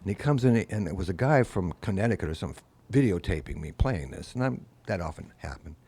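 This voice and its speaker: A low, slightly rough male voice moves fast here: an older guest musician in casual conversation. He tells drawn-out anecdotes, animating each quoted person with a voice of their own.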